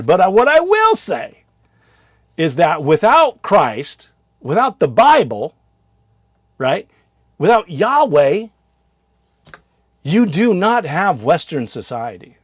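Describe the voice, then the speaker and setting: An American man who is a missionary and show host preaches in a casual monologue, firing off rhetorical questions. His mid-range voice swings between loud bursts and quiet asides, with no room sound.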